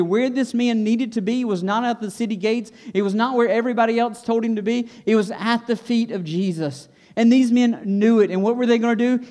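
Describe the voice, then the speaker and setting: A man's voice: sits high, mellow. A man preaching a sermon as pastor, retelling a scripture story with voiced characters and emphatic asides.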